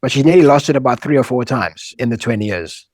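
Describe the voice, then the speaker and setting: A man's voice: medium pitch, animated, quick pace, darkish tone, dry recording. A man in his thirties with a South African accent, talking frankly and casually about money as a guest. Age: 30s. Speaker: guest, husband. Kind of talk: casual candid conversation.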